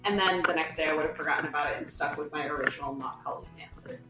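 A woman's voice: low-pitched, racing, music in the background. Giggly young woman in an echoey room. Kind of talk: casual chat.

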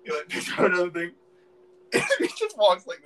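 A man's voice: high-pitched, wildly swooping pitch, fairly quick, recorded from a distance, crowd noise, poor audio. A young man hosting a podcast, telling a story in casual chat and laughing often. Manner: giggly storytelling, frequent laughter. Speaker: podcast host.

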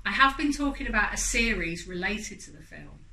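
A woman's voice: medium pitch, very animated, fairly quick, creaky, bright, forceful tone. A woman co-hosting a casual film chat, talking in a chatty way with frequent laughter. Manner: chatty, laughs often, reads out quotes. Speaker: podcast co-host running a film quote quiz. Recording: roomy, slightly distant mic with faint background noise.

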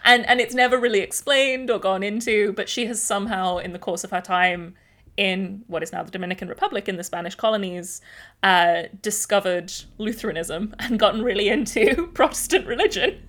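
A woman's voice: medium pitch, fairly even intonation, fairly quick, a bit bright. A woman co-hosting a casual book discussion, explaining the plot enthusiastically and laughing now and then. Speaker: podcast co-host.

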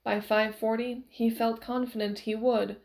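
A woman narrating a novel aloud in a measured, steady storytelling way. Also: fairly high pitch, gravelly. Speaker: audiobook narrator.

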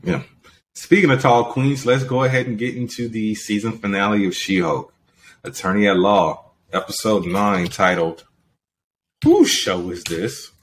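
A man's voice: lowish voice, steady tone, a little slow, slight background noise. A young man hosting a podcast, reading entertainment news in a casual, teasing, level-headed way. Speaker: podcast host.

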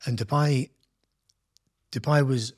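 A man's voice: mid-range voice, slow pace, no echo, studio quality. A man in his thirties from England, telling his life story in a casual interview and acting out other people's lines. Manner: animated, acts out quoted voices. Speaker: podcast guest, entrepreneur.

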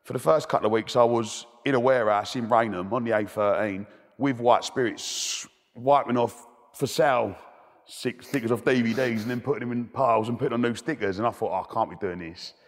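A man's voice: medium pitch, fairly even intonation, brisk. Cheeky man telling stories. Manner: cheeky, chatty storyteller with many restarts. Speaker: guest. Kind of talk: telling anecdotes in interview. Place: debating hall. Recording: long hall reverb.

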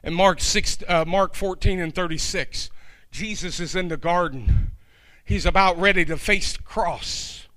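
A man's voice: high-pitched, unhurried, a bit bright. A middle-aged man preaching a sermon, driving his points home with emphatic, repeated phrases.

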